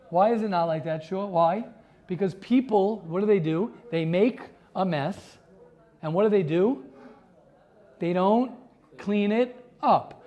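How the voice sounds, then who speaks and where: High-pitched man rabbi teaching a class, fired up, lots of repeats and restarts. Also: moderate pace, dark tone. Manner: impassioned, repeats phrases, many restarts. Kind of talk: sermon to a live class.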